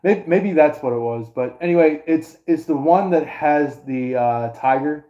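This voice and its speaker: A man's voice: fairly high pitch, measured pace, warm tone, muffled recording. A man doing a casual astrology reading to his viewers, rambling with many fillers and restarts. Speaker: astrology and tarot reader.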